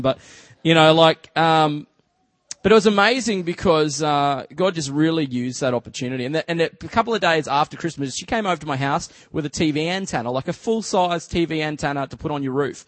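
An Australian man giving a church talk as a relaxed, chatty story, full of fillers like "just" and "you know". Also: fairly high pitch, quick pace, dry recording. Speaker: church speaker. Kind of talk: casual storytelling sermon.

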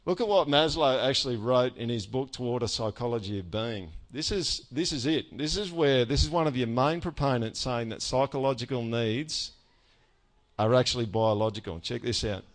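A male pastor gives a sermon in a loose, conversational style, with a voice of middling pitch. He keeps checking in with his listeners and mixes in self-mocking humor. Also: moderate pace. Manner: conversational, frequent "all right?" check-ins.

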